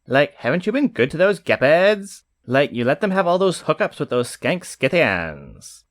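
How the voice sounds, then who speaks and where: A man's voice: fairly high pitch, big pitch swings, moderate pace, no room sound, clean studio sound. Ditzy young court lady with valley-girl slang, as a male reader puts her on. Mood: catty.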